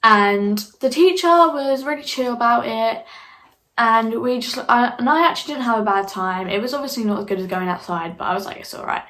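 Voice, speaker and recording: A young woman recounts a childhood story in a relaxed vlog. Her voice sits slightly high, and she talks casually and animatedly, swearing freely and playing out her own past reactions. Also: a little fast, low-quality recording. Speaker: vlogger.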